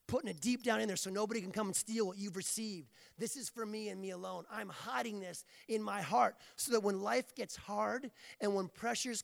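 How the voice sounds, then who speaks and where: Gravelly high-voiced preacher in a hall. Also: male voice. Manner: playful, jokey storytelling. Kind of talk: sermon. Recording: long reverb of a large hall.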